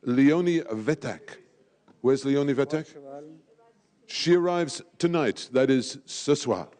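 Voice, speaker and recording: A man's voice: medium pitch, unhurried, darkish tone. A man emceeing a live event, jovial and teasing, sprinkling in French phrases. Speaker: event host at a draw.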